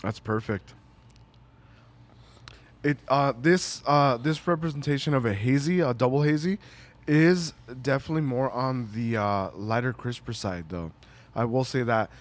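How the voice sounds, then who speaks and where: A man hosting a beer-tasting podcast, talking in a laid-back, measured way with many pauses. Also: medium pitch. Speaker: podcast host. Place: brewery taproom.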